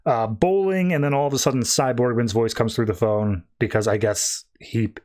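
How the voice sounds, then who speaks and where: A man's voice: medium pitch, moderate pace, darkish tone. A man hosting a comics podcast, recapping and reviewing issues in a loose, rambling casual chat, full of "like"s and restarts. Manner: paraphrases characters in his own voice, without doing accents.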